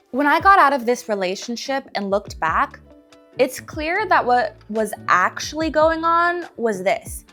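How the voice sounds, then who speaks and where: Bright high-voiced woman telling stories. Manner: animated, acts out quoted voices. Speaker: relationship advice vlogger. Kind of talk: casual storytelling to camera.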